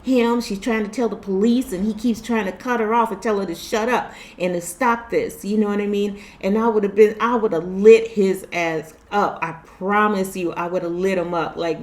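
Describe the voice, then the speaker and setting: A middle-aged woman hosting her own channel as a tarot reader, talking casually and candidly to her viewers, with lots of swearing, laughter and lively storytelling. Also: mid-range voice, moderate pace, hardly any pauses. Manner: candid and profane, with animated storytelling and frequent laughs. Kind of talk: casual talk to camera.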